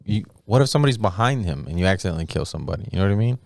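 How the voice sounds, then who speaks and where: A man's voice: low-pitched, animated, racing, vocal fry, darkish tone, no room sound. Man, casual podcast chat, cautious reasoning, dry close mic. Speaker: podcast co-host.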